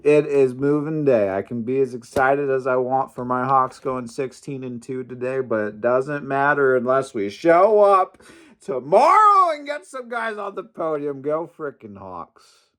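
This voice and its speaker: A young man recapping a wrestling tournament in a casual vlog, animated and opinionated, with some mild swearing. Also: medium pitch, measured pace. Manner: animated, opinionated, mildly profane. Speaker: wrestling fan commentator.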